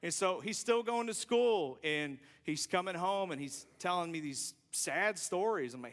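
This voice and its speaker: A man telling a personal story in a sermon, self-deprecating and animated. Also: high-pitched, a little slow, hardly any pauses. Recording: long reverb from a large hall.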